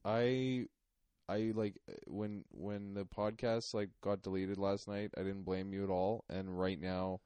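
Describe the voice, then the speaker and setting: A man's voice: low-pitched, little pitch movement, a little slow, dark tone, clean tone, dry recording. A young man co-hosting a podcast, telling rambling, self-mocking stories in casual comedic chat. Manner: rambling, self-mocking storytelling with many fillers. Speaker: podcast co-host.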